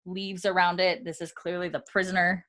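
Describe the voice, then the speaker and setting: Low-voiced woman, casual podcast co-host, rambling recap full of fillers. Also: flat delivery, moderate pace, a bit bright. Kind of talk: casual chat.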